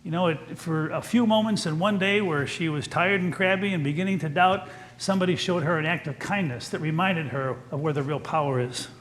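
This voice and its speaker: An older man preaching a sermon as pastor in a church, telling stories in a gentle, folksy, earnest way. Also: on the high side, slight background noise.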